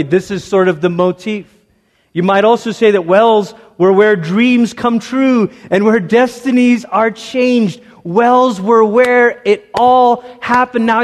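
Male pastor, high voice, chatty storytelling sermon, acts out quotes, big hall reverb.

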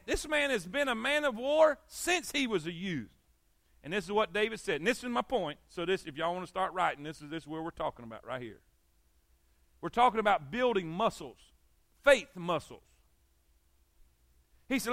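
A preacher man with a high, ringing voice leads an evening church sermon. He talks in a folksy, repetitive way and keeps calling for amens. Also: sing-song, normal speed, long pauses, fairly bright tone, no echo, clean studio sound. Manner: folksy, repeats phrases, calls for amens. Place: church service.

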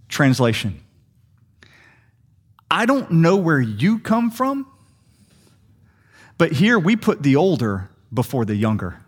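Young male pastor, lively storytelling sermon, voice a bit high. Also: breathy edge. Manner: animated storytelling preacher, quick asides.

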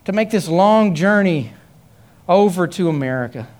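A man preaching a sermon, telling a story with many repeated phrases and rising to loud, high emphasis. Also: lively intonation, normal speed. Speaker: pastor.

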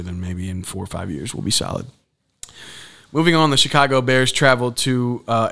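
A man's voice: on the low side, a bit bright. Casual young man hosting a podcast. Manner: casual, frustrated asides, slangy "bro" talk. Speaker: podcast host. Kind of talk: solo sports podcast recap. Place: campus podcast booth.

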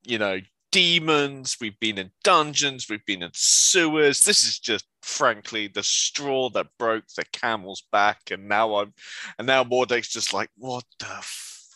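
Bright, slow-talking male player. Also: mid-range voice, no echo. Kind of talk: casual tabletop play.

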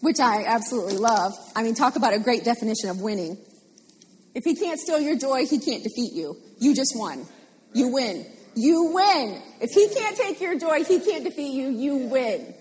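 High-voiced woman preaching with animated repetition. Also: moderate pace, slightly rough. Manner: animated, repeats phrases for emphasis. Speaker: pastor. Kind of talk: sermon. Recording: long hall reverb.

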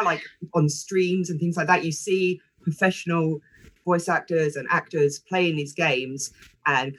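A man's voice: fairly high pitch, a bit bright. A man on a discussion panel, thinking aloud in a hesitant, thoughtful way with many fillers.

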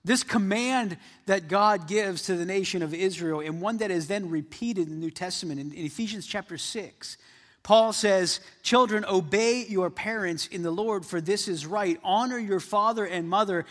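A man's voice: sits high, moderate pace, fairly bright tone, long reverb tail. Man preaching a conversational sermon. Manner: conversational preaching with repeated phrases. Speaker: pastor.

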